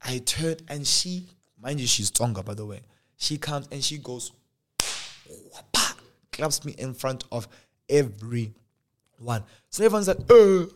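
Animated young South African man storytelling. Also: medium pitch, measured pace. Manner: animated, acts out dialogue in different voices. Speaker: podcast host. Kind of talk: casual storytelling.

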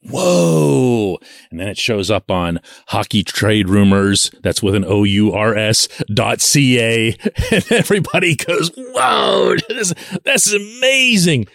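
A man hosting a solo sports podcast, talking in an incredulous, animated way and acting out mock fan voices. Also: lowish voice, unhurried, gravelly, dry recording.

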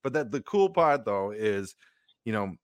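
A man's voice: lowish voice, sing-song, unhurried, dry recording, studio quality. A man co-hosting a podcast, chatting in a loose way full of fillers and interjections. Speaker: podcast co-host. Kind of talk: casual chat.

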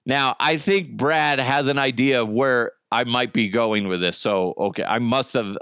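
Casting: man high podcast host, slow and giggly, dry close mic. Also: fairly bright tone, no echo. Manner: giggly, rambling, swearing. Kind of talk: loose comedy podcast chat.

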